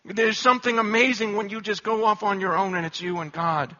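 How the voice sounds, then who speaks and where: A pastor preaching a sermon, moving between hushed, low storytelling and loud, impassioned exhortation. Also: male voice, fairly quick, hardly any pauses. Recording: dull lo-fi recording.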